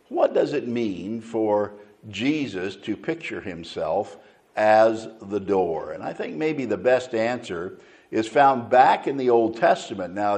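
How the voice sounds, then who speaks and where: Male pastor, mid pitch, unhurried deliberate sermon delivery with repeated key lines. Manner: slow, deliberate preaching with repeated phrases.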